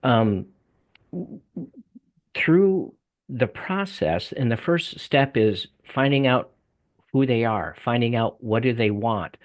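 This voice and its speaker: An older Southern US man, a debt coaching salesman appearing as a guest, talks folksily in a conversational interview, repeating words and restarting sentences. His mid-range voice is expressive and he takes his time.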